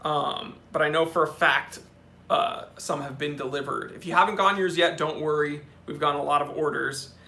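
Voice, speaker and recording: A man's voice: fairly high pitch, moderate pace, creaky, pushed and bright. A young man hosting a live-stream watch Q&A, chatty and off the cuff, reading out viewer comments and answering them. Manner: chatty, answers questions off the cuff, talks to his cats. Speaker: watch channel host.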